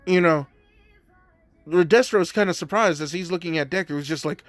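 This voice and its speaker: A man's voice: fairly high pitch, normal speed, long pauses, dry recording. A man casually narrating a fan-made story, rambling with many fillers. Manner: rambling, heavy use of "you know" and "like".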